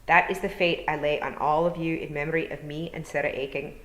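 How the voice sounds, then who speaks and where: A woman voicing a tiny, shrewd, dying old pixie clan mother who speaks slowly and weakly in a put-on Scottish accent. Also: low-pitched, steady tone, fairly bright tone. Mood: commanding. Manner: slow, weak, murmuring. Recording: roomy echo.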